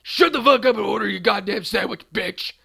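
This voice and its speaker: A man playing a nasty sandwich worker, shouting, aggressive, loud. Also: sits high, fairly quick, gravelly, breathy edge, exaggerated voice. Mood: yelling. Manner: yelling, aggressive. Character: nasty rude male sandwich worker, always yelling.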